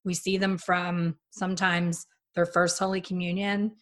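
A woman's voice: lowish voice, measured pace. A middle-aged woman, a former hairstylist, talking casually on a podcast and acting out the people in her stories. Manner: chatty, animated storyteller who acts out quotes.

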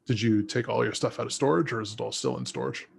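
Brief: young guy, gravelly fry in the voice, relaxed rambling co-host. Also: mid-range voice, quick pace. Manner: easygoing, rambling, many fillers. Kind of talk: casual chat.

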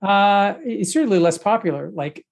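A playful man with a high voice co-hosts a podcast and teases his partner as he wins a game. His casual banter has a gloating edge. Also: expressive, normal speed, vocal fry. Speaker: podcast co-host.

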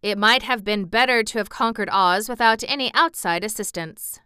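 A woman voicing a suspicious, anxious male gnome king in a storybook reading, with loud emphatic exclamations. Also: medium pitch, normal speed, clear, resonant tone, no room sound, clean studio sound, close to an everyday voice.

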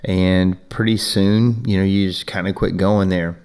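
Low-voiced man telling a rambling story. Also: fairly even intonation, a little slow, darkish tone, smooth. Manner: rambling, with frequent "you know" and restarts. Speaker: business owner hosting a podcast. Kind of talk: casual storytelling.

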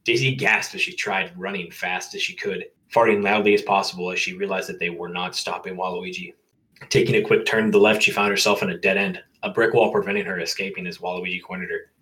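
Casual male reader, bright and lowish, reading a comedic story with asides. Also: low-quality recording. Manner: reads aloud, breaks off to joke and laugh. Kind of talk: casual comedic read-aloud.

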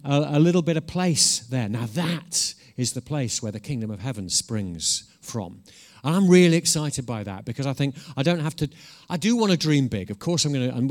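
A man preaching a conversational sermon. He is informal and earnest, restarts often, and swells into emphatic bursts. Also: medium pitch.

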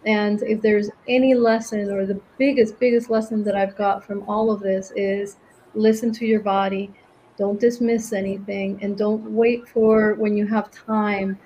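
A middle-aged woman from Venezuela, a guest speaking in an interview in a reflective, gentle way. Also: medium pitch, little pitch movement, unhurried, a little hiss or hum, rough recording. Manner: reflective, gentle, laughs often. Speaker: guest, cancer survivor and author. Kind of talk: interview conversation.

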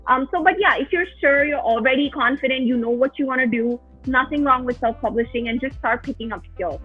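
A woman's voice: high voice, fairly quick, breathy edge, soft background music. A woman journalist with a North American accent, a guest in an interview, talking earnestly and reflectively with frequent fillers over a video call. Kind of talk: interview conversation. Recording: tinny phone-like line.

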